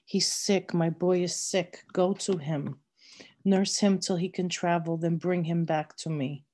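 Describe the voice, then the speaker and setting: Storybook role: a grief-crazed, cold, commanding mother, read by a woman, slow and low. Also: fairly even intonation, darkish tone. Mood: desperate. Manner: harsh, cold insistence.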